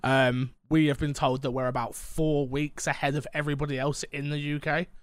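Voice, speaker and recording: A fairly high-voiced man with a London accent chats loosely as a podcast host, wandering into jokey tangents. He sounds stuffy with a blocked nose and sore throat. The recording is close and dry. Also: level tone, fairly quick, clean tone, no room sound. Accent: London English. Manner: rambling, joking, tangent-prone. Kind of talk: casual podcast chat.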